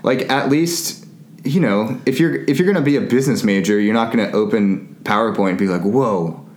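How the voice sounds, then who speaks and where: Brief: laid-back podcast host, mid-pitched, animated storyteller, roomy sound. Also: male voice, brisk. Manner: rambling, animated, laughs often, acts out characters. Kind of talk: casual movie recap chat. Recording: echoey room.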